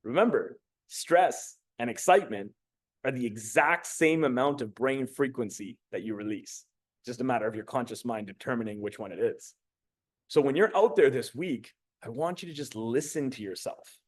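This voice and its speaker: Speaking at a moderate pace with a medium pitch, this young man coaches communication through a laid-back motivational talk. Profanity flows freely, and he performs quoted lines as part of his lively storytelling.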